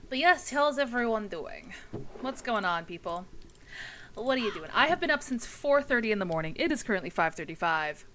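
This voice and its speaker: Young woman streamer, bright tone, tired but chatty, casual swearing, faint hiss behind her. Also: on the high side, animated, a little fast, low-quality recording. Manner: chatty, swears casually, talks to chat while playing. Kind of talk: casual gaming livestream chat.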